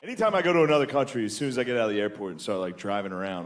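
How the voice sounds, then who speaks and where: A man doing a stand-up comedy set in a crude, casual, deadpan manner. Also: on the low side, rapid-fire, hardly any pauses, heavy background noise.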